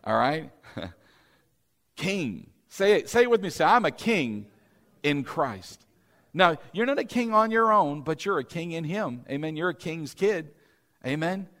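Male pastor, sermon delivery, higher voice with wide pitch swings, call-and-response style. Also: very animated, a little slow. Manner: preaching with call-and-response prompts; rising to emphatic, louder peaks.

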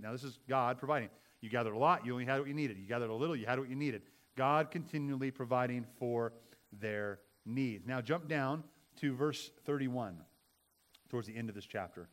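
A man's voice: medium pitch, a little fast. A man preaching a sermon in a church, conversational, with many restarts and rhetorical questions. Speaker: pastor. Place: church sanctuary.

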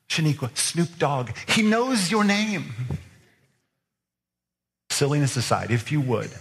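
A man preaching a sermon as pastor, earnestly pressing his listeners with repeated questions. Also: mid-range voice. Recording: long reverb of a large hall.

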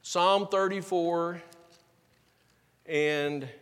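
A man's voice: high-pitched, fairly even intonation, extremely slow, clear, resonant tone, long reverb tail. A man preaching a sermon, reading scripture and retelling it in a casual, folksy way. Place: church sanctuary.

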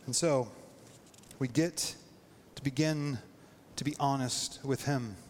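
A man preaching a sermon in a casual, animated way, his voice leaping up when he acts out prayers. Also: takes it slowly, long reverb tail, a little hiss or hum. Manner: animated, voice jumps high when acting out prayers. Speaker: pastor.

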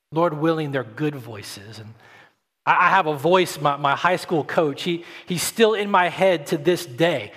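High-voiced male pastor preaching. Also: a bit bright, slightly rough. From Atlanta, Georgia, US. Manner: earnest, repeats words when starting sentences. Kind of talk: sermon. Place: church sanctuary. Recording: long church-hall reverb.

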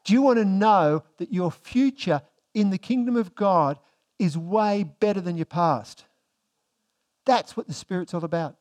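High-voiced man preaching a sermon. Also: a little slow. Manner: asks the congregation rhetorical questions; swings between emphatic and hushed delivery. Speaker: pastor.

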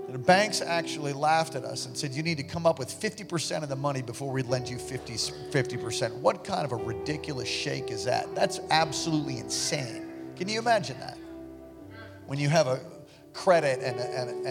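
A pastor preaching and telling a story to his congregation during an offering, animated and breaking into loud exclamations. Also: medium pitch, creaky. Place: large church sanctuary. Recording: echoey church hall with music. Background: instrumental music.

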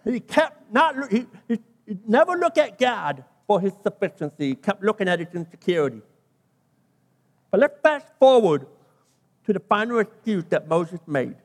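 A man's voice: high-pitched, very animated, moderate pace, big-room sound. A British man, a pastor, preaching a sermon, emphatic and stressing key phrases by repeating and stretching them.

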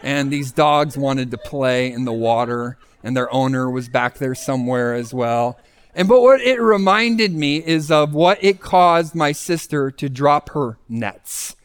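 A man's voice: medium pitch, a little slow, smooth. A man preaching a sermon as a pastor, telling a story in an easy, conversational way before moving into teaching.

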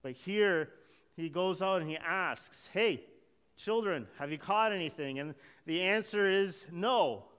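Male pastor, higher voice, smooth, animated sermon delivery in a reverberant church hall. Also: measured pace. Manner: animated preaching, acting out quoted lines, with light chuckles.

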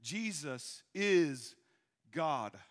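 A man from Michigan preaching a sermon, asking rhetorical questions and slowing down to repeat his key points. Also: fairly high pitch, animated. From Michigan, USA. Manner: rhetorical questions, emphatic slowed repetition. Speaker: pastor. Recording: long hall reverb.

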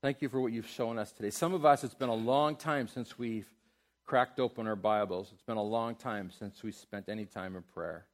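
A middle-aged man preaching a sermon as a pastor, moving between loud, emphatic exhortation and soft, tender prayer. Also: on the low side, steady tone, moderate pace.

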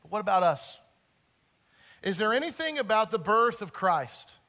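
A man preaching a sermon earnestly, swinging between loud emphasis and soft, quiet moments. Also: high voice, big pitch swings, moderate pace. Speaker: pastor.

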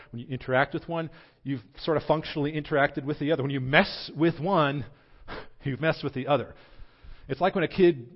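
A man's voice: fairly high pitch, lo-fi sound. A man with a Southern American accent preaching a sermon as pastor, teaching in a conversational, self-deprecating way with rhetorical questions.

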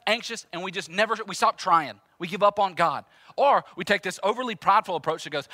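Bright-voiced man preaching emphatically. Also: sits high, expressive, fast, dry recording. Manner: emphatic, repetitive, conversational preaching. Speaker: pastor. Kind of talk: sermon.

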